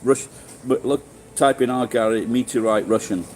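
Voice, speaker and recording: A middle-aged Englishman with a Sheffield accent live-streams, chatting casually with viewers in a rambling way, swearing and restarting often. His voice is medium-pitched, a little mellow and moderately paced, on a rough recording with slight background noise.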